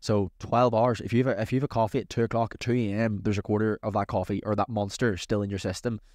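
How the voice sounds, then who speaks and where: A man hosting a casual advice podcast as a coach, talking in an energetic, chatty, motivational way. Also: on the low side, fast talker, no room sound, studio quality.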